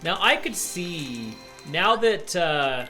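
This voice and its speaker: A man's voice: on the high side, big pitch swings, slow pace, sharp tone, faint music behind. A man co-hosting a live game stream, chatting casually and reading out messages from chat. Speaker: streamer co-host. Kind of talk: casual chat while gaming.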